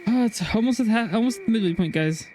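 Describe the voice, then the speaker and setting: A man's voice: very high voice, expressive, quick pace, a little mellow, a little hiss or hum. A man streaming a game, chatting casually and reading a game guide aloud with frequent restarts. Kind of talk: casual gameplay stream chat.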